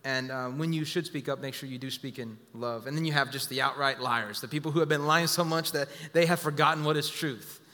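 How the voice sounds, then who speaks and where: A man's voice: medium pitch, brisk, hardly any pauses, sharp tone, long reverb tail. A man preaching a sermon as pastor, emphatic and repeating key phrases to the congregation.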